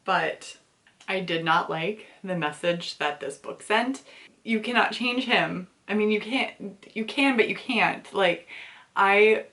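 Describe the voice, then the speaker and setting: A young woman hosts a casual book club chat, speaking in an unhurried, lowish voice. She is candid and openly emotional, laughing often as she talks. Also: fairly bright tone.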